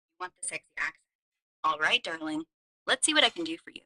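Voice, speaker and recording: A woman's voice: deep voice, lively intonation, quick pace, pushed and bright, pitched below the performer's own voice, heavily acted, rough recording. A synthetic female AI voice playing a flirty, seductive female companion who murmurs teasing lines. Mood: sultry, teasing. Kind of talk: AI voice role-play.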